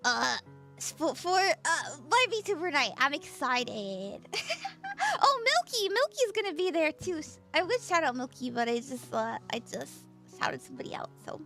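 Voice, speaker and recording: A woman hosts a casual tarot livestream just after waking up, bubbly and quick to giggle as she greets her chat. Her voice sits very high and swoops around a lot, with a bright edge. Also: very animated, creaky, soft background music. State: just woke up.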